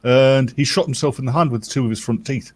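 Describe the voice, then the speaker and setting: A man's voice: mid-range voice, brisk, breathy edge. A man in his fifties hosting a casual livestream, telling jokey anecdotes. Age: 50s. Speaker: host.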